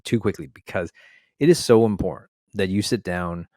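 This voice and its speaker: A man's voice: deep voice, moderate pace, a little mellow, dry recording, clean studio sound. A man co-hosting a podcast, telling a personal story in a reflective, earnest way. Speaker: podcast co-host. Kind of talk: conversational podcast chat.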